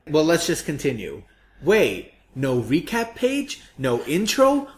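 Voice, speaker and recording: A man chatting about comics on a podcast, his pitch swinging widely as he vents. He sounds exasperated and sarcastic, and now and then he drops into mock voices. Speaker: comics review podcast co-host. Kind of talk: casual chat.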